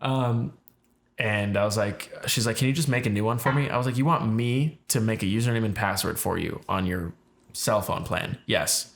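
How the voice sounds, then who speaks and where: A man's voice: fairly low pitch, normal speed, creaky, background noise. A man co-hosting a podcast, telling a story in a casual chat and acting out the people he quotes. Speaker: podcast co-host.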